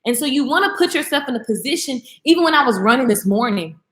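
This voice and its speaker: A woman hosting a live stream who speaks with lively, preachy energy and addresses her viewers directly. Her voice sits a little high and bounces around, and the sound has a roomy echo. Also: quick pace. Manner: animated, preachy, talks straight to viewers. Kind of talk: casual faith talk.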